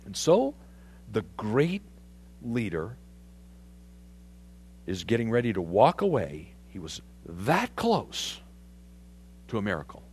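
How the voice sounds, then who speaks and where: A man preaching a sermon, animated and conversational, putting questions to his congregation. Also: on the low side, slow, long pauses, breathy edge. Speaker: pastor.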